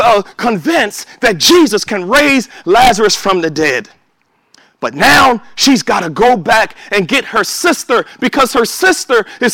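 A man preaching a sermon, animated, swinging from loud exhortation to hushed asides. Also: very high-pitched, dry recording.

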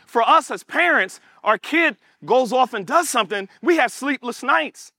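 Male preacher, high and bright, animated call-and-response sermon, dry close sound. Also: normal speed, no room sound. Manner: acts out prayers in quoted voices.

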